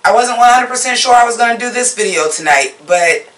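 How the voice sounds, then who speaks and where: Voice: mid-range voice, brisk, reverberant, recorded from a distance. A host giving a casual episode recap and review, blunt, profane and openly opinionated, mocking the scenes they dislike. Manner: animated, mocking.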